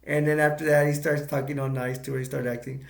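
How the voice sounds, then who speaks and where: A man's voice: mid-range voice, flat delivery, fast, gravelly, reverberant. A man giving a casual, rambling movie review, retelling the plot with many restarts and stops.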